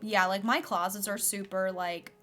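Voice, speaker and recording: A woman's voice: mid-range voice, moderate pace, fairly bright tone, soft background music. A young adult woman streaming a game, chatting casually and filling her speech with "like". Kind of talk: casual chat while playing a game.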